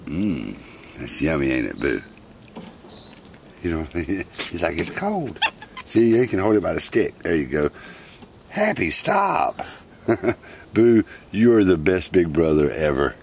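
A man with a very low, deep voice talks fondly to his pet monkeys. His manner is coaxing and doting. He is recorded outdoors, with clear noise in the background. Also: big pitch swings, unhurried, a little mellow. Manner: doting, coaxing, talks to the animals, chuckles often. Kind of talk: casual narration to camera. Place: outdoors at a picnic.

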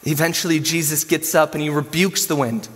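A male pastor preaching a sermon in a casual, animated storytelling way, full of slang. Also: on the high side, brisk. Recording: long hall reverb.

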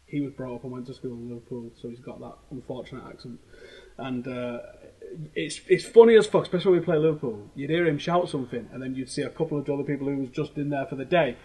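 A man with a Manchester accent tells lively, profane stories at a rapid clip. His voice is slightly husky, and his speech is loose and conversational, full of slang. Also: medium pitch, poor audio. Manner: animated storytelling, heavy swearing, slangy. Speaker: host. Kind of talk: casual chat.

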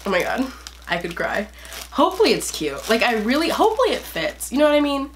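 A woman's voice: on the high side, sing-song, quick pace, slight background noise. A teenage girl rambling in a casual, chatty way through an unboxing, full of fillers. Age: teens. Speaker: vlogger.

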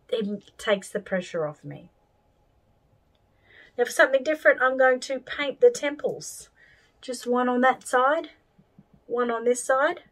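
Aussie lady chatting thru a painting tutorial, rambly and cheery, mid pitch. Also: low-quality recording. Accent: Australian. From Australia. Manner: rambling and cheerful, thinks out loud with fillers. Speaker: doll-making tutor.

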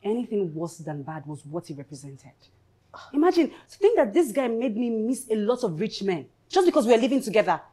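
An actress playing a bitter young woman venting scornfully about her ex, with a Nigerian accent and a husky voice. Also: sits low, brisk, hardly any pauses, mellow.

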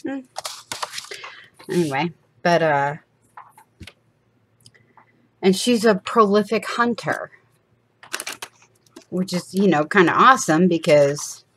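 A woman's voice: fairly low pitch, lively intonation, slow pace, pauses often, a little hiss or hum. A woman, chatting casually and rambling with laughs while she crafts for her channel. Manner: rambling, chatty, laughs often, acts out little quoted voices.

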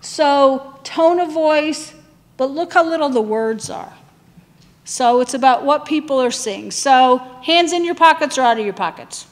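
Woman trainer, fairly high voice, conversational, quizzes the room, long reverb. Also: expressive, unhurried. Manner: conversational, asks the room questions. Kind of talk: training session lecture.

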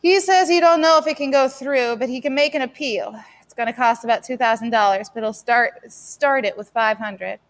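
A woman's voice: on the high side, moderate pace, hardly any pauses, natural voice. A woman reading a novel aloud, voicing a tired, worried mother whose voice cracks when she is upset. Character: weary worried working mother, tearful.

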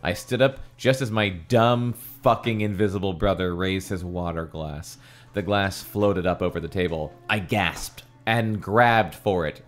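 A man's voice: deep voice, measured pace, faint music behind. A man co-hosting a comedy podcast, reading a children's book aloud and slipping crude jokes into it. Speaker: podcast co-host.

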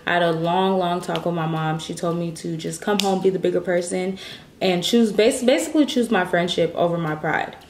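A woman's voice: fairly low pitch, darkish tone, slight background noise. Upset woman venting in an echoey room. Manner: rambling, restarts sentences, swears. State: upset, close to tears. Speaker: vlogger. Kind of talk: casual vlog monologue. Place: at home, indoors.

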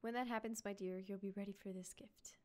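A woman reading out a loving elderly grandfather's farewell letter in a soft, hushed, unhurried voice. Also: medium pitch, fairly even intonation, lightly acted. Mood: tender.

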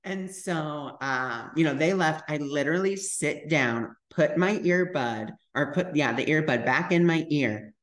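A man's voice: a little high, animated, a little slow, few pauses. A young adult man telling a story on his spiritual vlog in a chatty way, full of fillers and acted-out dialogue. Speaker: spiritual vlogger.

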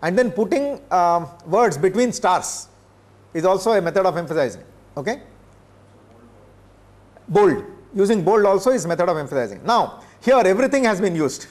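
Measured older professor, high voice. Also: male voice, a little mellow. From India. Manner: measured, pausing often with filler sounds. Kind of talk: classroom lecture. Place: lecture room.

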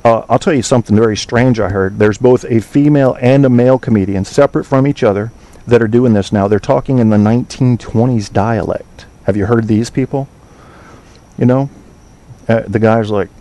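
Speaking briskly in a dark, mid-range voice, this man hosts an online talk show podcast. His chat with listeners is loose and rambling, full of swearing and pauses where he trails off trying to recall names.

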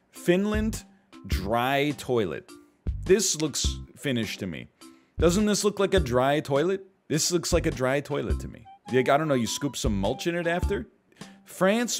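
A man streaming a trivia quiz, joking and thinking aloud as he guesses. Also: mid-range voice. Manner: animated, jokey, thinking aloud while quizzing. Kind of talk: casual gameplay commentary.

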